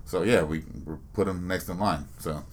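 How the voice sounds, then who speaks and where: A man's voice: sits low, moderate pace. A young man co-hosting a casual sports chat podcast, blunt and profane, often laughing. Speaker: podcast co-host.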